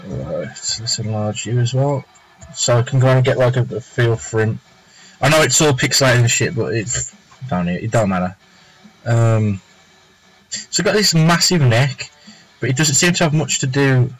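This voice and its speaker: A man's voice: mid-range voice, expressive, normal speed, rough recording. A man chatting casually on a live stream from home, thinking aloud as he draws, with plenty of fillers and half-finished thoughts. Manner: rambling, thinking aloud with fillers and self-talk. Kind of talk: casual live-stream chat while drawing.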